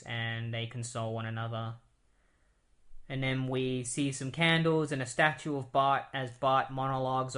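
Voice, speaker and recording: A man's voice: medium pitch, a bit bright. A man in the middle of his range tells a comic book story in a loose, chatty way. He leans on fillers and restarts as he goes. It sounds like an easygoing podcast recap. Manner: casual, filler-heavy retelling. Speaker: podcast host.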